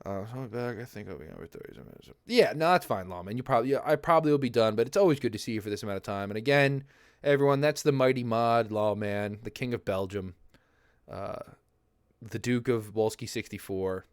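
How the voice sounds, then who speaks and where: A young man chats casually to his livestream viewers, rambling from one topic to the next and laughing easily. His voice sits in a middle pitch. It sounds dry and close to the mic at his home setup. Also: brisk, smooth, dry recording. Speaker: livestream host. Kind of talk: casual chat.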